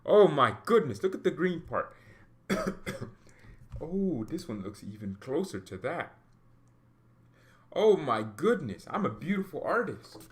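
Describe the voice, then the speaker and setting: A man hosting a football livestream, chatting casually and rambling with excited exclamations, coughing now and then. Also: fairly high pitch, unhurried, pauses often. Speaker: football channel host.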